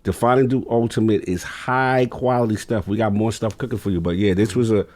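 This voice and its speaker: Low-voiced laid-back man co-hosting. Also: steady tone, a little fast, a little mellow, no room sound. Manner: laid-back, slangy, hyped laughter. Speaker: podcast co-host. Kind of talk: casual podcast chat.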